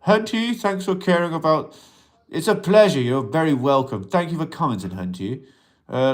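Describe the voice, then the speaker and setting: A man's voice: medium pitch, a bit bright. A man hosting a casual livestream about mental health, rambling as he reads out and answers viewers' comments and talks to them as an alien persona addressing humans, in an accent viewers ask about. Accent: unplaced accent that viewers ask about. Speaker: livestream host.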